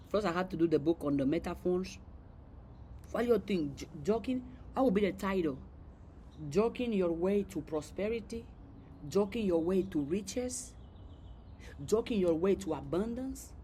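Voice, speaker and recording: A woman talks casually to her viewers in a playful, joking tone, repeating herself as she goes. Her voice sits at a middle pitch. A faint hiss stays in the background. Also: animated, moderate pace, warm tone. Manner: playful, laughs at her own jokes, repeats words. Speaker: host. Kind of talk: casual motivational talk to viewers.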